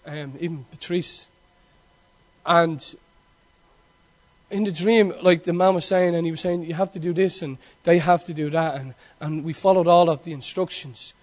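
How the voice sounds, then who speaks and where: A high-pitched Irish man preaching a heartfelt sermon. He tells his story with passion, rising loud and then dropping to a hush. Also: steady tone, normal speed. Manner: impassioned storytelling, swinging between loud and hushed.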